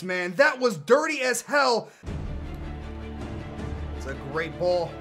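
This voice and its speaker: Excitable high-voiced young man gaming. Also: slow pace, soft background music. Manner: excitable, yells at the game, then rambles casually. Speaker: gaming YouTuber. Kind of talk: live gameplay commentary.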